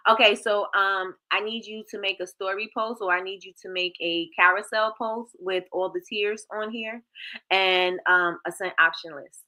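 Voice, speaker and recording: Woman, livestream host, chatty, bright voice. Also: mid-range voice, moderate pace. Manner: chatty, reads viewer comments aloud, lively. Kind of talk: casual livestream chat.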